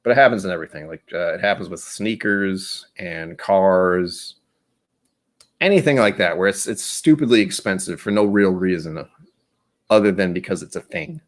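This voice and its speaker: A young man from the United States chats on his live stream while sampling whiskey. He rambles, cuts himself off mid-sentence, and drops into silly voices when quoting people. His speaking voice sits a little low. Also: normal speed. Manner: rambling and self-interrupting, slipping into playful voices for quoted lines. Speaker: stream host.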